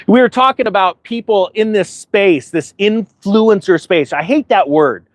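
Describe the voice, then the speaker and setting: Male host, 40s, high voice, repetitive motivational talk, dry recording. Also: measured pace, no echo. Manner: animated storytelling with quoted voices. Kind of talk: casual monologue to viewers.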